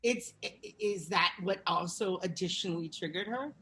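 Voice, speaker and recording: A woman co-hosting a casual podcast chat, animated and drawing in her co-hosts with questions. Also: lowish voice, moderate pace, slight background noise. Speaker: podcast co-host.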